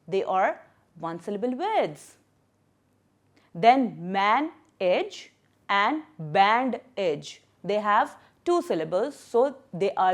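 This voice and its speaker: Female primary English teacher, animated pitch, emphatic and patient, recorded lesson walkthrough. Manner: lively and emphatic, stressing syllables and key words; patient, repeats words for young learners.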